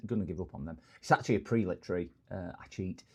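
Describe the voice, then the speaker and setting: A middle-aged Englishman hosts a repair livestream, joking with viewers and drifting from topic to topic. He greets the chat warmly with bursts of loud hellos. His voice is low, husky, and quick, and the highs are cut off.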